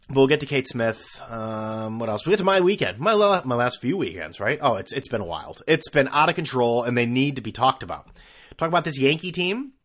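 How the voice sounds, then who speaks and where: A man's voice: medium pitch, sing-song, normal speed, a bit bright. A young man hosting a casual solo podcast, rambling and sarcastic, full of fillers and restarts. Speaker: podcast host.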